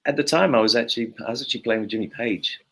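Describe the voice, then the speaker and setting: A man, a bassist telling stories in an interview, with lots of fillers. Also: racing, gravelly, a bit bright, husky. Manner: rambling storyteller, many fillers. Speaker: guest bassist. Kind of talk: anecdotal interview talk.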